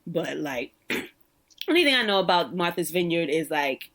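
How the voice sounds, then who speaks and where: Woman from brooklyn hosting a podcast, kinda low voice, tells stories all animated, laughs a lot. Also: unhurried. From Brooklyn, New York. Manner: animated, laughs often, acts out quoted people. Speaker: podcast host, social worker. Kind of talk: casual conversational storytelling.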